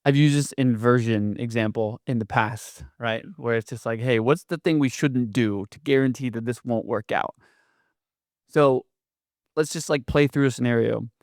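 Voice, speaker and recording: A man co-hosting a podcast, posing a question in a casual, halting way, thinking aloud with many fillers. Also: medium pitch, darkish tone, no echo, studio quality. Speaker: podcast co-host.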